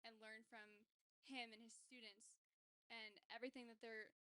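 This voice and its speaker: Young woman on a podcast, kinda high bright voice, super chatty, says like a lot. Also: level tone, moderate pace, clear, resonant tone, no echo. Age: young adult. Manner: chatty and enthusiastic, many "like"s. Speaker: guest, kinesiology doctoral student and athletic trainer. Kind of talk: casual podcast interview.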